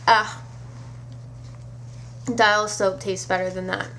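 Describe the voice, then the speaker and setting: A woman vlogger telling a story to camera in a casual, animated way, incredulous and swearing offhand. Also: mid-range voice, a little slow, pauses often, a little hiss or hum.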